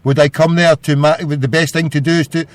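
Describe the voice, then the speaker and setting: A Scottish man hosts a casual call-in show, joking and rambling through his questions. His voice sits slightly high and sounds dry and close, with a lot of restarts. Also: little pitch movement, fast talker, no echo. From Scotland. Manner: rambling, jokey, stumbling restarts. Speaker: radio show host. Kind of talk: casual call-in radio chat.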